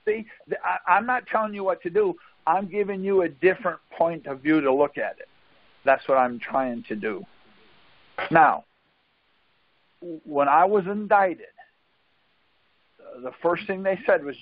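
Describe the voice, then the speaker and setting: A man talks through a conference call in a folksy, casual way, checking in with "see?" as he explains. His voice sits high for a man, and the room sounds very dry. The audio is dull and muffled. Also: lively intonation, moderate pace, long pauses, no room sound. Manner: folksy, keeps asking "see?".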